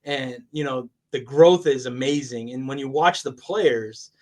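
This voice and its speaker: Unhurried and mid-range, this man's voice carries a relaxed, conversational interview on a sports podcast, where he's a guest working as a college athletics communications director. He's enthusiastic and laughs a lot.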